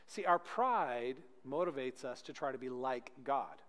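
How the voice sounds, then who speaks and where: A man preaching a sermon as pastor, swinging between loud emphatic peaks and hushed, slow lines. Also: medium pitch, animated, big-room sound.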